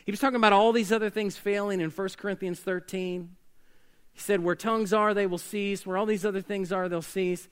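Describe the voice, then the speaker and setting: A man preaching a sermon as pastor, swinging between loud emphatic bursts and quiet hushed lines. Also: high-pitched, fairly even intonation, fairly quick, smooth. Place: church sanctuary.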